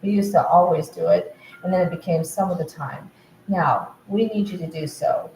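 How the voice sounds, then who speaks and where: A woman's voice: on the low side, moderate pace, warm tone. A woman in an agitated, rambling monologue, repeatedly relaying what others told her. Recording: roomy echo, faint background noise.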